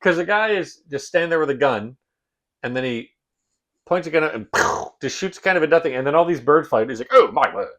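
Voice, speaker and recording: A man's voice: fairly high pitch, fairly quick. A man co-hosting a podcast in casual chat, telling the story with lots of swearing and acted-out bits. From Canada. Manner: animated, swears a lot, acts out scenes. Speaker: podcast co-host.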